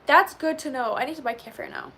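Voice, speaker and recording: A woman in her twenties chatting casually with live viewers and answering them as she reads chat, animated and peppered with "like". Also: high voice, quick pace. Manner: chatty and animated, says "like" often. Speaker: livestreamer reading chat.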